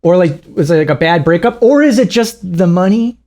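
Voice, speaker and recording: A podcast co-host talking in loose, casual chat, with a voice that swings widely up and down in pitch. The talk rambles and swears freely, breaking into mocking acted-out quotes. The pitch itself sits in a middle range. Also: animated, brisk, a little mellow.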